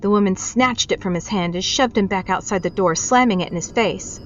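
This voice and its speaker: A woman reading short fiction aloud in steady, measured narration. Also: medium pitch. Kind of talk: storybook reading. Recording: dull lo-fi with faint music.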